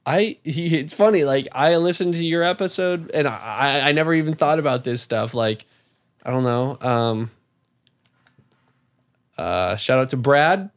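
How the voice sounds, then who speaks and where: A man in casual chat, telling an animated story with lots of swearing and filler words. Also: on the high side, measured pace. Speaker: podcast guest.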